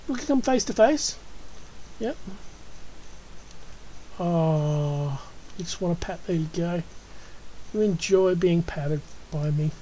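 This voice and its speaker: Mellow Australian woman coaxing game pets. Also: medium pitch, slight background noise, rough recording. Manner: chatty, coaxing and cooing at in-game animals. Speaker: gaming channel host. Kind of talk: casual gameplay commentary.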